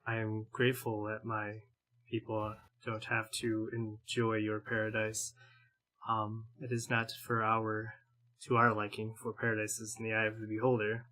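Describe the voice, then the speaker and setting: Bright, flat-toned male player. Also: fairly low pitch, moderate pace, rough recording. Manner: formal, earnest phrasing. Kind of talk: in-character role-play.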